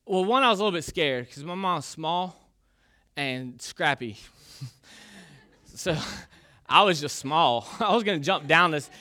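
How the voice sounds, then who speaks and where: A man's voice: fairly high pitch, lively intonation, measured pace, long pauses, pushed and bright. A man in his thirties, a pastor preaching a casual, conversational sermon full of personal stories and fillers. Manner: conversational, self-deprecating, with frequent fillers.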